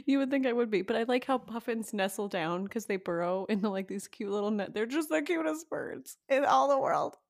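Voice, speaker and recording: A woman's voice: a little high, expressive, fairly quick, hardly any pauses. A woman co-hosting a podcast, chatting casually and teasing playfully. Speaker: podcast co-host. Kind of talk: casual chat.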